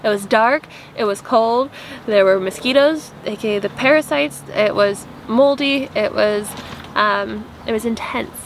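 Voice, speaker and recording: Young woman vlogger, higher pitch, earnest rambling chat, faint outdoor noise in a tent. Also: measured pace. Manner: earnest, rambling, many "like" fillers. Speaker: vlogger and app founder. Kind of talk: casual spiritual vlog chat. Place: tent at a campsite.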